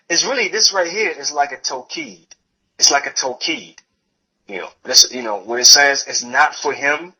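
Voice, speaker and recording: Male lecturer, husky tone, hesitant self-correcting delivery, muffled recording. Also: medium pitch, pushed and bright. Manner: halting, self-correcting, repeats phrases while translating. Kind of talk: religious lecture reading and translating a text.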